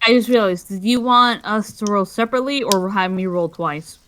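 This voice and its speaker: A woman's voice: medium pitch, fairly quick, fairly bright tone. A woman playing in a tabletop game, joking and chatty. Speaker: player. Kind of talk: casual tabletop game chat.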